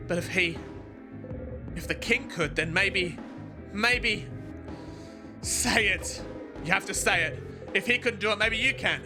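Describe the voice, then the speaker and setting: A live streamer narrating a story game, voicing its text with theatrical intensity and jumping into sudden excited cries. The game's music plays clearly under the voice, and the pitch sits in a middling range. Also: measured pace, long pauses. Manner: reads the game's narration dramatically, with loud excited outbursts. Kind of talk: live let's-play commentary, reading game text aloud.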